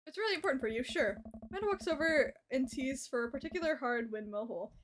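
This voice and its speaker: A young woman streaming a dating game, reading the dialogue aloud, animated, laughing often and swearing at misses. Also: high voice, fast talker, slight background noise.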